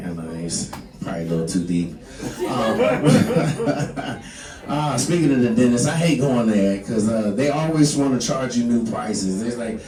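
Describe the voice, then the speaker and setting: Rambling male stand-up in a club. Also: lowish voice. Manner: loose rambling delivery with many fillers. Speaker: stand-up comedian. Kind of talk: stand-up set. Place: small comedy club. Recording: echoey club, mic from far off, loud crowd. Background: audience laughter.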